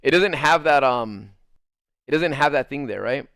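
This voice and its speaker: Young man rambling through a story, crisp dry voice. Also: mid-range voice, animated, moderate pace, no echo. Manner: rambling, full of "like", swears freely; laughs and gets loud at funny parts. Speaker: streamer telling a story. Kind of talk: casual storytelling over gameplay.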